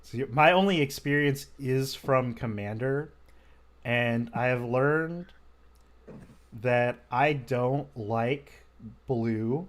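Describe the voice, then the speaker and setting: A man with a mid-range voice commentates on a card game match at a slow pace. He talks casually and rambles through stories, using lots of filler words.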